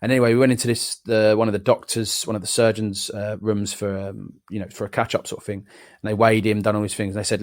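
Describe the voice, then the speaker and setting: A man's voice: lowish voice, flat delivery, fast. A man, hosting a casual live chat and telling a personal story with quoted voices and swearing. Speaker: podcast host.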